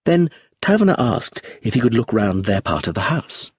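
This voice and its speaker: A man with a husky voice narrating an audiobook in an expressive, measured reading. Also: mid-range voice, dry recording, studio quality.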